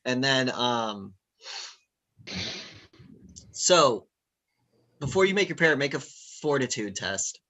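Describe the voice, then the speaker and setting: A man's voice: mid-range voice, big pitch swings, takes it slowly, long pauses, bright, forceful tone. A man running a tabletop game as game master, narrating casually with fillers. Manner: casual, rambling with fillers and laughs.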